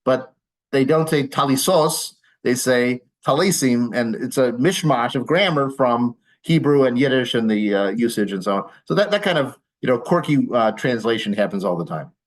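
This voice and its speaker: A man's voice: mid-range voice, expressive, moderate pace, low-quality recording. A male rabbi giving an informal class to a live audience, explaining patiently with dry humor and many small fillers. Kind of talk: informal lecture with audience questions.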